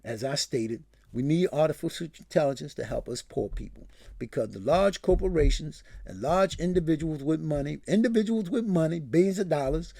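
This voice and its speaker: A man's voice: on the high side, creaky, mellow, dry recording, clean studio sound. A man hosting his own show, giving a rambling and impassioned solo commentary. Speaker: show host.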